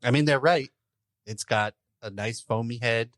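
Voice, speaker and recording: A man's voice: medium pitch, normal speed, a bit bright, no room sound. A man co-hosting a podcast in casual chat, dry and descriptive as he tastes a beer. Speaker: podcast co-host.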